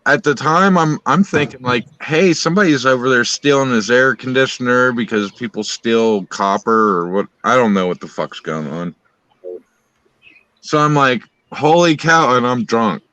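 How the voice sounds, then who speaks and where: A man spins a long story in a bright, forceful voice, swearing in nearly every sentence and piling one aside on top of another. The sound is dry and close, with almost no room around it. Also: medium pitch, normal speed, no echo, highs cut off. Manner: rambling, swears constantly, animated retelling. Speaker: storyteller on a live stream. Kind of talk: casual profane storytelling.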